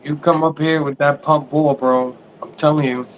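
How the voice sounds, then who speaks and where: A man's voice: fairly high pitch, normal speed, a little hiss or hum. A man co-hosting a casual podcast, telling stories and acting out what other people said. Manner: animated storyteller, acts out other people's lines. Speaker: podcast co-host. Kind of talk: casual chat. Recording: dull lo-fi sound.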